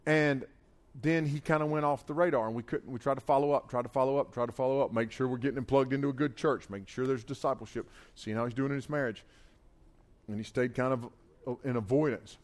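A man with a Southern US accent preaching a conversational sermon, informal and talky, slowing down and pressing hard on key phrases. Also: mid-range voice, steady tone. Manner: informal and talky, full of "like" and restarts; stresses key phrases slowly and loudly.

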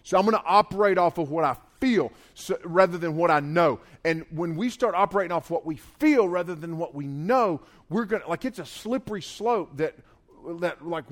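A man with a Southern US accent preaching a conversational sermon, informal and talky, slowing down and pressing hard on key phrases. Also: a little high. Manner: informal and talky, full of "like" and restarts; stresses key phrases slowly and loudly.

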